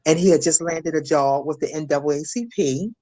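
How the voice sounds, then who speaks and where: As an interview guest, a middle-aged woman from Maryland gives emotional testimony about a personal ordeal. Her low-pitched, warm voice halts often, full of restarts and fillers.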